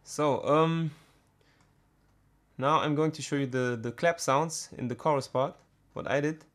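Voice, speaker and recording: A man teaching a music production tutorial, talking in a halting way with many fillers and restarts. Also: fairly high pitch, steady tone. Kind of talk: screen-recorded software tutorial.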